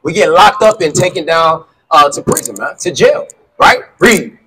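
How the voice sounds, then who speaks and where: A man's voice: fairly high pitch, animated, moderate pace, sharp tone, slightly rough, low-quality recording. A man preaching in the street with call-and-response, insistently quizzing a listener and repeating his questions.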